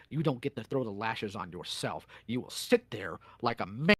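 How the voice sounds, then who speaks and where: Man, stern lecturing tone, lively rising pitch, bright dry sound. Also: normal speed, hardly any pauses, breathy edge, no room sound. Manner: stern, lecturing, calls someone out. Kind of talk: role-play confrontation in a voice call.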